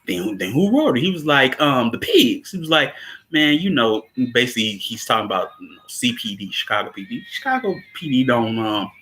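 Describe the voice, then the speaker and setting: A man casually recapping a film scene, laughing often, repeating words and acting out quotes in a higher voice. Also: sing-song, fairly quick, pushed and bright.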